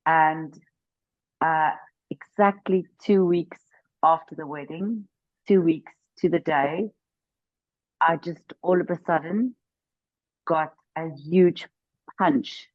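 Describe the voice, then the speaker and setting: Low-voiced woman telling her story earnestly. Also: takes it slowly, long pauses, no room sound, highs cut off. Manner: earnest, emphatic, repeats words for stress. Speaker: interview guest. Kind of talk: personal testimony in conversation.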